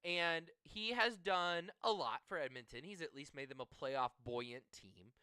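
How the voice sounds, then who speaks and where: Man, bright tense tone, smooth clear voice, dry close sound, profane storyteller. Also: a little high, a little slow, no echo. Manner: profane, storytelling, laughs often. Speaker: podcast co-host. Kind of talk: casual sports chat.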